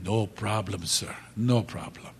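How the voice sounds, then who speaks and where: A man's voice: on the low side, measured pace, creaky, slight background noise, pitched below the performer's own voice. A man voicing an eager, generous male immigrant florist who speaks broken English, in a reverberant hall.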